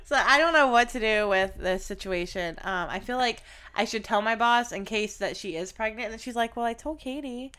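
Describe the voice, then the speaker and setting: A woman's voice: a little high, moderate pace, pushed and bright, clean tone. A woman co-hosting a podcast, telling a profane, blunt story in casual chat. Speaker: podcast co-host.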